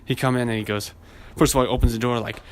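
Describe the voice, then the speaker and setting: A man's voice: mid-range voice, steady tone, very fast, heavy background noise. A man hosting a podcast, telling a rambling, profane story and acting out the people in it. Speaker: podcast host. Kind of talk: casual chat.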